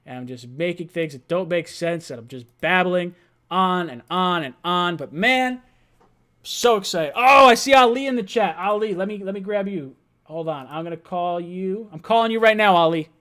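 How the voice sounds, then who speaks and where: Young man, high-pitched voice, livestream host, excitable, rambling, at home late at night. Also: a little slow, clean tone. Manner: excitable, rambling, laughs often. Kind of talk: hyped live fan show rant.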